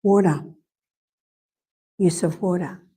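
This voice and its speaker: A middle-aged Australian woman gives a live health lecture in a church hall, her lowish voice slow and mellow. She's chatty and conversational, repeating key points for emphasis and telling anecdotes.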